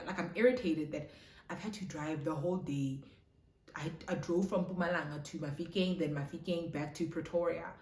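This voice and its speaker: A young South African woman telling a casual storytime, animated and switching between English and isiZulu. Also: low-pitched, moderate pace. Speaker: vlogger. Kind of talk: storytime chat. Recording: roomy echo.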